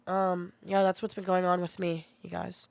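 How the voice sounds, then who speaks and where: Her voice sits on the low side, flat, creaky, and darkish, with no echo. This young woman streamer has a sore throat and chats casually, quick to vent bluntly and swear often.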